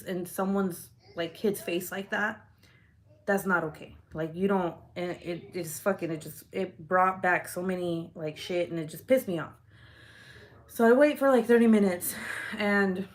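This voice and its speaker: A young woman vlogger tells a story straight to her viewers in a fired-up, profane way. Her voice sits a little low for a woman, and she keeps reaching for "like" between phrases. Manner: heated, profane retelling with many "like" fillers. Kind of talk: casual storytelling to camera.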